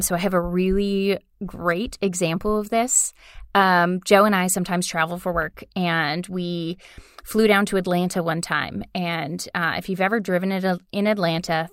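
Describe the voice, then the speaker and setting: A young adult woman co-hosting a podcast, telling a personal story in an earnest, reflective way with frequent pauses. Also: lowish voice, fairly bright tone, smooth, dry recording, clean studio sound. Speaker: podcast co-host. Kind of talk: conversational podcast talk.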